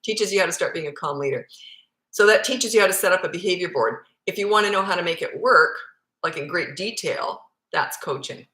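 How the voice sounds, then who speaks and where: A woman's voice: lowish voice, brisk, pushed and bright. A woman parenting coach answering viewer questions live, speaking in a blunt, emphatic way. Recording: echoey room.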